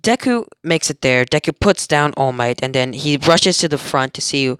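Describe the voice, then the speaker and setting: A man's voice: a little high, normal speed, clean tone, no room sound, clean studio sound. A young man casually retelling an anime plot as a fan, rambling and often correcting himself. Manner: rambling, self-correcting, excitable. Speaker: fan storyteller.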